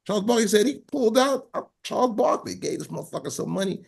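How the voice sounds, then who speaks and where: A man co-hosting a podcast tells profane stories with a lively, swooping delivery. His voice sits high for a man, and he acts out the people he quotes. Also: fast talker, creaky, hardly any pauses. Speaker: podcast co-host. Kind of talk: casual storytelling chat.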